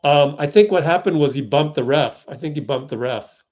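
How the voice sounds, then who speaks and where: A man hosting a fan livestream, giving excitable live play-by-play and getting outraged at the referees. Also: fairly high pitch, normal speed.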